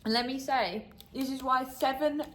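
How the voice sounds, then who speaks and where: A British woman guest in a casual snack taste test, easygoing and wry, quick to laugh. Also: sits high, steady tone, a bit bright. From United Kingdom.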